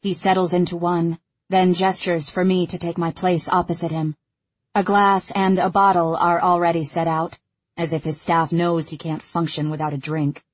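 A woman narrating an audiobook in the first person, with a husky voice and an even, measured reading. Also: lowish voice, no room sound, dull audio.

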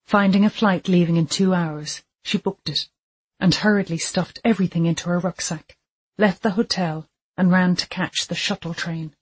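An audiobook narrator reads a dark thriller in a calm, measured way. The voice is mid-pitched and noticeably breathy, with steady scripted pacing.

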